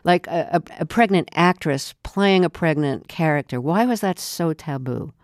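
A woman's voice: deep voice, expressive, normal speed, dry recording, studio quality. A woman hosting a radio interview, chatting and setting up clips. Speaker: radio host.

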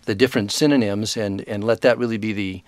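Low-voiced man, measured and hesitant. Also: fairly even intonation, no room sound. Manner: thoughtful, measured, with frequent hesitations. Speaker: author and guest expert. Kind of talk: radio interview.

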